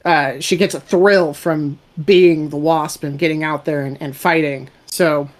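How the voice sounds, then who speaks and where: An audio drama creator chats casually about their production at a middle pitch. They ramble a little, often restarting their sentences as they explain. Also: steady tone, measured pace. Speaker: audio drama writer and director. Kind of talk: casual chat.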